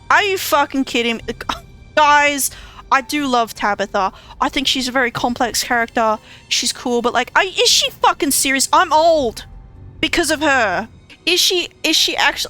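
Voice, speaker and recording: A woman's voice: high voice, animated, measured pace, pushed and bright, soft background music. A woman streaming a story game, reacting in casual, exclamatory commentary with frequent swearing and laughter. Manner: exclamatory and profane, often laughing. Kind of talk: casual let's-play commentary.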